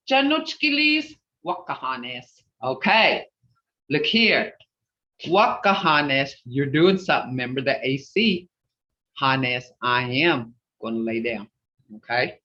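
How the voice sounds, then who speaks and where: A woman's voice: lowish voice, pushed and bright. A woman teaching a language class over a video call, patiently repeating each word and drilling it. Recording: roomy, distant, dull video call audio.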